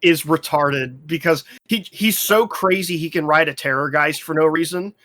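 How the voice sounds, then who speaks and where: A man chatting casually on a gaming podcast, profane and animated, often laughing as he tells stories. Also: fairly high pitch, normal speed. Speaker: podcast host.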